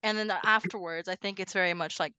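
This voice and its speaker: A woman's voice: lowish voice, fairly even intonation, fast, bright, forceful tone, smooth, no room sound. A woman playing in a tabletop role-playing game, narrating her character in a rambling, laughing way. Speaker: tabletop player.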